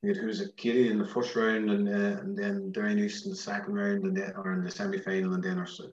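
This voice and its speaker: A man's voice: on the low side, expressive, quick pace, roomy sound, highs cut off. A man, a podcast guest, talking in an easygoing, hesitant way with many fillers. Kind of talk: casual chat.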